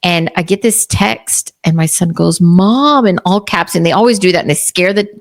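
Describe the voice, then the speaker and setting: A woman's voice: on the low side, fairly even intonation, brisk, creaky. A woman in her fifties from Texas, hosting a podcast interview in a chatty way and telling family anecdotes. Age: 50s. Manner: chatty, tells anecdotes acting out quotes. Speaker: podcast host. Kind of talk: casual interview chat.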